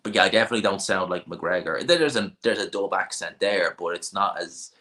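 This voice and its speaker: A man with a North Dublin accent chats casually on a livestream and answers viewers' questions. His voice sits low but has a bright, forceful edge. He gives blunt, offhand opinions and often restarts his sentences. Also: a little fast. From Ireland. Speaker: livestream host.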